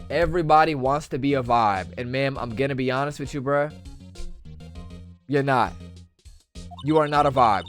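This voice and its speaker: A man's voice: mid-range voice, normal speed, pauses often, soft background music. A young man streaming a game, giving crude, slang-heavy, joking commentary.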